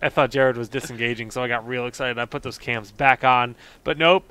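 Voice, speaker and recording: A man hosting a casual panel chat, explaining changes in an animated, emphatic way. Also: medium pitch, brisk, smooth. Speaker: podcast host. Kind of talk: casual panel chat about a game patch.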